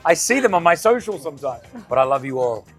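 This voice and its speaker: Talking fast in a slightly high voice, an energetic Australian man chats casually in an interview; he owns a restaurant and hosts radio. He acts out quoted lines as he tells stories, with soft music playing at a restaurant comedy club.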